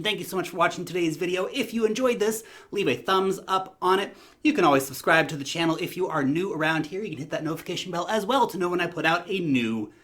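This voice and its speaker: A man's voice: a little high, a bit bright. A man giving emphatic, opinionated vlog commentary, rallying his viewers and calling them "guys". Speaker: crypto vlogger.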